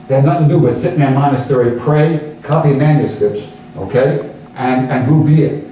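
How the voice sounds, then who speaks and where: A man's voice: medium pitch, warm tone, slight background noise. An older man with a New York accent, giving a chatty, rambling talk to an audience. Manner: chatty, rambling, frequent restarts. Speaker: guest lecturer. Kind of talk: informal lecture with audience questions. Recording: echoey hall from far off.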